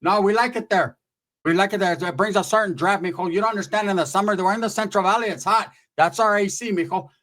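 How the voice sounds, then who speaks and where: Loud, bossy auntie, brash and pushy, as a man puts her on. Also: high voice, fast talker, voice pushed up. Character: loud bossy aunt, older woman.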